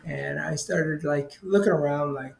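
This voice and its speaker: A man's voice: a little slow, vocal fry, darkish tone. A middle-aged man, a spiritual healer, telling his story in a casual, rambling way, full of "you know" fillers. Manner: acts out quoted voices with big pitch jumps. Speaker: interview guest, spiritual healer.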